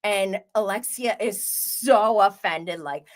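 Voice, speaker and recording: Hosting a live stream, a woman chats and gossips in an animated way, reading comments aloud and laughing often. Her voice sits at a medium pitch and she keeps a measured pace.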